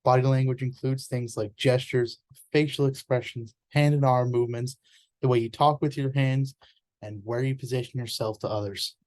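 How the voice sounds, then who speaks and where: A man explains a topic in an informal presentation, speaking earnestly and conversationally and catching himself mid-word now and then. His voice is warm and mellow, with a middling pitch. The sound is close and dry, with no room around it. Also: fairly even intonation, normal speed, no echo.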